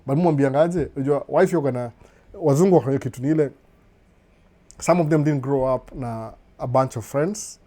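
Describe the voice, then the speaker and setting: On a relaxed live stream, a middle-aged Kenyan man works through viewer comments, alternating Swahili and English. He talks a little fast in a mellow, mid-range voice, with frequent chuckles and "no, no."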